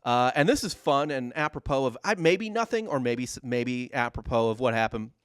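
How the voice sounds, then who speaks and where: A man's voice: medium pitch, expressive, normal speed, clean tone, no echo. Dry-voiced joking man telling history. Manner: jokey, slips into mock accents. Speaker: podcast co-host telling history. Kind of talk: casual comedic history chat.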